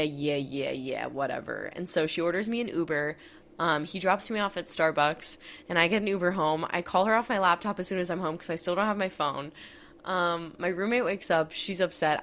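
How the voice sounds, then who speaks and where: Podcast host, woman in her 20s, low voice, chatty and rambling, laughs through her own story. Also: quick pace, fairly bright tone, a little hiss or hum. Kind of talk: casual storytime.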